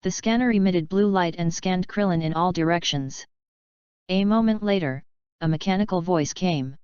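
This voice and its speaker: A woman narrating an audiobook story in a steady, unhurried way. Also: lowish voice, clean tone, dry recording. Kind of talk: audiobook reading. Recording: dull lo-fi audio.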